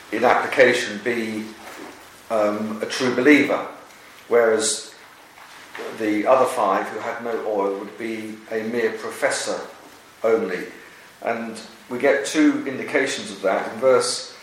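A man leading a Bible study discussion, speaking in a measured, earnest way with frequent pauses. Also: mid-range voice, a bit bright. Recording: echoey room, distant mic, faint hiss.

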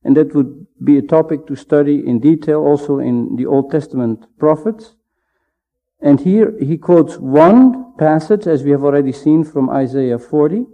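A man giving a measured, emphatic Bible teaching sermon, pausing often to stress his points. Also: on the high side. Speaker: preacher. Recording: dull lo-fi sound.

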